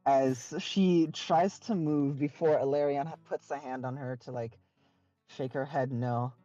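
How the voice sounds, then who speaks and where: A game master narrating a tabletop game in a halting way, often stopping to restart. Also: mid-range voice, steady tone, dark tone, no echo, lo-fi sound, faint music behind.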